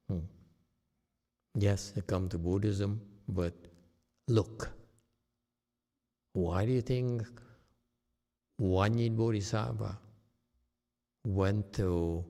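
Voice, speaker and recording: A man whose first language is Chinese, giving a slow, plain-spoken dharma talk as a meditation teacher, often checking in with "okay?". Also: sits low, steady tone, vocal fry, warm tone. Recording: long hall reverb.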